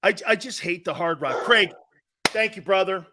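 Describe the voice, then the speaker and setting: A middle-aged man runs a casual sports talk show in a voice pitched a little high. He rambles, restarts his sentences and bursts out loud to call to his studio crew. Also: normal speed, noisy background. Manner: rambling, repeats words and restarts. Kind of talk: casual sports radio chat.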